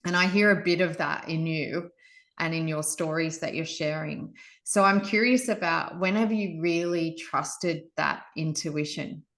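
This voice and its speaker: Casting: Australian woman, interview host, reflective, on a video call, slightly low voice. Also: fairly even intonation, unhurried, a bit bright. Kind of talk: online interview.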